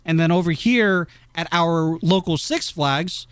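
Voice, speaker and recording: A man co-hosting a casual podcast, animated and teasing, who laughs often and jumps into squeaky voices when mimicking people. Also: measured pace, clear, resonant tone, no room sound. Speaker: podcast co-host. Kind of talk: casual chat.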